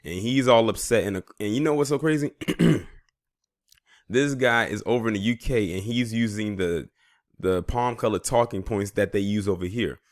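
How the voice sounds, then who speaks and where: A man hosting his own channel, casually explaining a clip to his viewers in a relaxed, conversational way. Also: fairly low pitch, moderate pace, dry recording, clean studio sound. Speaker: vlogger commentator. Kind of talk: casual commentary.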